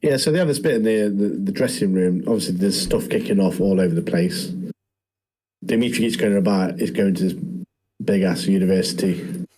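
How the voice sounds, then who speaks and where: This is a man recapping a show on a podcast in a laid-back, rambling way. His voice is low and mellow with a husky, slightly rough edge. He fills the gaps easily and keeps it casual. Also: fairly quick, rough recording. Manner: relaxed, rambling recap with fillers. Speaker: podcast co-host. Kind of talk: casual chat, recapping episodes.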